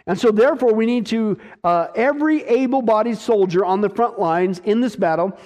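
High-pitched preacher guy, emphatic, keeps asking right?. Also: moderate pace, darkish tone. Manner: emphatic, repeats rhetorical "right?" to the congregation. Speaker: pastor. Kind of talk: sermon.

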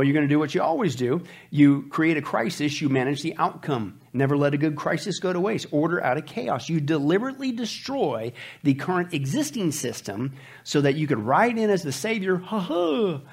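A man hosting a commentary show, talking in an emphatic, preachy way and addressing his listeners as folks. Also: on the high side. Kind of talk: opinionated commentary.

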